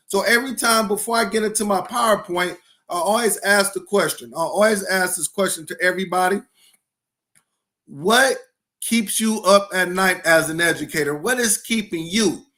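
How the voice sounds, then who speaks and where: High-voiced, hyped-up man hosting a livestream. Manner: energetic and hyped, repeating phrases for emphasis; greets viewers one by one by name. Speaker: school principal and podcast host. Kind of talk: live-streamed educational podcast.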